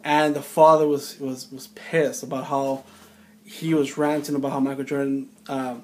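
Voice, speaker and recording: In this casual spoken anecdote, a forty-something man recalls working security on film sets, his story wandering and full of disbelief. He talks at a moderate pace in a level, medium-pitched voice, and a faint hiss or hum sits under the audio.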